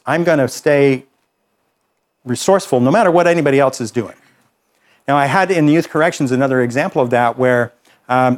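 A man leading a workshop, teaching a group and telling anecdotes in a conversational way that keeps checking in with listeners. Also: mid-range voice. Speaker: workshop trainer.

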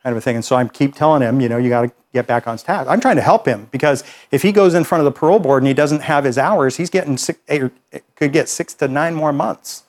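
A man's voice: a little high, quick pace, darkish tone. A man leading a workshop, teaching a group and telling anecdotes in a conversational way that keeps checking in with listeners. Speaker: workshop trainer.

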